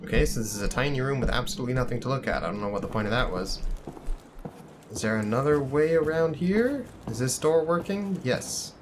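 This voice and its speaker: A man's voice: mid-range voice, animated, brisk, background noise. A man hosting a gaming channel, giving casual let's-play commentary in a jokey, rambling, self-deprecating way. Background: game music.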